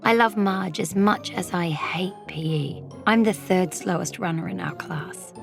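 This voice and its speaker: A woman narrating a children's storybook as a young girl, lively and dropping into whispers for suspense. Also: on the low side, measured pace, gravelly, faint music behind. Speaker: audiobook narrator.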